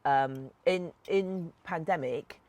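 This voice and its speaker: A woman who co-hosts a podcast and writes books retells a story bluntly, swearing plenty along the way. Her voice is low and darkish and her pace slow; though she's sitting outdoors in a back garden, the recording sounds dry. It's casual chat and storytelling.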